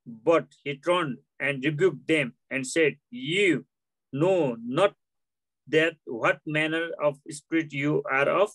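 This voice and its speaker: Male student, native Nepali speaker, slow halting scripture reader, slightly high voice. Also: fairly bright tone, low-quality recording. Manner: slow halting reading aloud.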